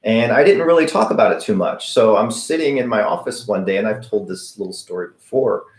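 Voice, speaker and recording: Chatty low-voiced man, echoey room. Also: animated, fairly quick. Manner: chatty, anecdotal, acts out quoted voices. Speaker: host of a paranormal channel answering viewer questions. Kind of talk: live Q&A, casual storytelling.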